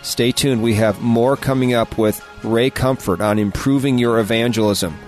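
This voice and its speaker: A man hosting a radio interview, speaking in a measured way as he reads book passages and order details. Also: medium pitch, steady tone, darkish tone, soft background music. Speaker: radio host.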